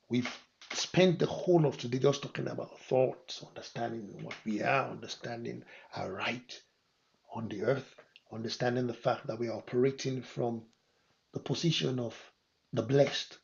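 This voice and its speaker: A man preaching a sermon as pastor, moving from quiet scripture reading to loud, emphatic declarations. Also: medium pitch, measured pace, creaky. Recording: dull lo-fi sermon recording.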